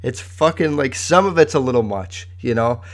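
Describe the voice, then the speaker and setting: A man's voice: medium pitch, expressive, moderate pace. A man hosting a podcast in casual chat, rambling, candid and profane. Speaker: podcast host.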